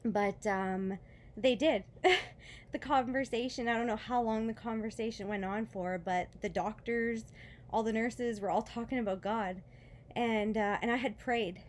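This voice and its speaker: A woman telling a personal faith story in a casual vlog, emotional and close to tears, rambling with fillers and soft laughs. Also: a little high, fairly even intonation, a little slow, a little hiss or hum. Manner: emotional, near tears, laughing softly between words; rambling with many fillers and restarts. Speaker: vlogger.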